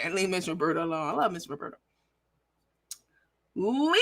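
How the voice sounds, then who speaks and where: A brash woman hosting a livestream, swearing freely and addressing her viewers directly. Her voice sounds bright and sharp-edged. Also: medium pitch, animated, measured pace, pauses often. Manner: brash and profane, talks straight to viewers. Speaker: livestream host. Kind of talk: casual livestream chat.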